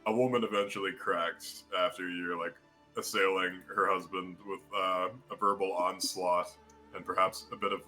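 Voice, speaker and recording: A low, level-toned male voice with a sharp edge speaks at normal speed over faint background music. He's a game master for a tabletop game, narrating in a rambling, filler-heavy way with frequent restarts and voiced townsfolk.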